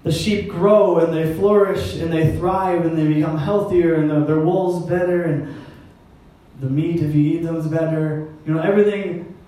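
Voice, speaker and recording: A man's voice: fairly high pitch, fairly even intonation, moderate pace, warm tone. A man preaching a sermon as pastor, in a conversational style with wry, self-deprecating asides. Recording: echoey hall, mic at a distance.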